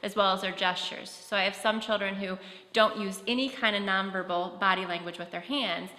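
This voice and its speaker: A woman's voice: medium pitch, fairly even intonation, a little fast, pushed and bright. A woman giving a conference talk, conversational, with frequent fillers and restarts. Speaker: presenter on autism. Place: conference hall. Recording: echoey hall with long reverb.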